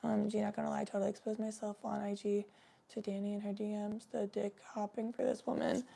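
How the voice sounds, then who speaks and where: A woman's voice: mid-range voice, little pitch movement, fast talker, vocal fry, dark tone. A woman chatting casually on a live stream, giving a tarot reading in a rambling, swearing way.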